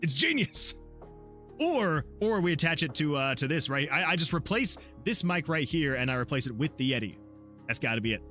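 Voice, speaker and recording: A man's voice: a little high, very animated, normal speed, bright, forceful tone, soft background music. A man, a solo game developer, chatting casually on his livestream, laughing often and reading chat messages aloud. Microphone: USB desktop mic.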